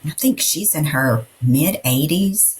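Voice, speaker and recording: A woman's voice: low-pitched, expressive, takes it slowly. A middle-aged woman co-hosting a podcast, chatting casually and rambling through personal stories with lots of fillers. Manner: rambling, storytelling with many fillers. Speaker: podcast co-host. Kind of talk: casual chat.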